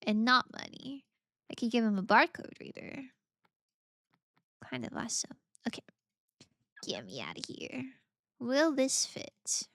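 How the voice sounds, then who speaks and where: Bubbly high-voiced woman streamer. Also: wildly swooping pitch, a little slow, long pauses, fairly bright tone, no echo, clean studio sound. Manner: bubbly, gushing, laughs often. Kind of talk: casual gaming stream chat.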